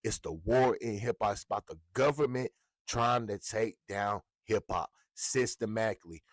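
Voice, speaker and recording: A man's voice: lowish voice, normal speed, dry recording, studio quality. A man ranting as a hip hop blogger, heated and profane, repeating himself for emphasis. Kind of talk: ranting commentary.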